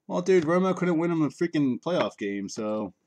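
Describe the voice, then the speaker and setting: Hosting a live card break, a middle-aged man chats casually and jokes with his viewers while reading out the cards. His voice sits on the high side, animated and a little mellow, at a moderate pace. A faint hiss or hum is audible.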